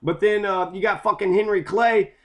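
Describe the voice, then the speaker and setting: A man's voice: high-pitched, fairly even intonation, moderate pace, a bit bright. A man from Kentucky giving a heated, sarcastic, profanity-filled monologue about local history. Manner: heated, sarcastic, constant swearing.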